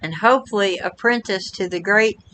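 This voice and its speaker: A woman's voice: medium pitch, moderate pace, sharp tone, a little hiss or hum, natural voice, low-quality recording. A woman reading out a gushing young female street magician in a flowery, overly sweet manner. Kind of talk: reading game dialogue aloud.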